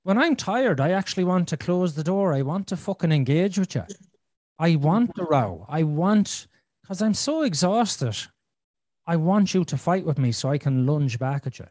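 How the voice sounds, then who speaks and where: A man's voice: fairly high pitch, big pitch swings, moderate pace, darkish tone, dry recording, studio quality. A man in his thirties hosting a podcast, telling a frank, rambling personal story and swearing freely. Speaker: podcast host. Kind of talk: candid conversational storytelling.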